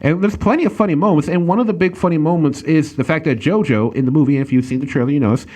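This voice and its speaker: A man's voice: a little high, rapid-fire, darkish tone. A man hosting a casual talk show, reviewing a film with lots of fillers and restarts. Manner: rambling, many fillers and restarts, laughs easily. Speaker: podcast host reviewing a film. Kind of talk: casual chat.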